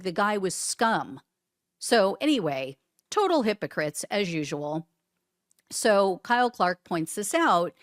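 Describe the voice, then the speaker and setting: A woman with a medium-pitched voice hosts casual political commentary, recorded in clean studio sound with no room echo. Sarcastic and blunt, she reads posts aloud and swears casually.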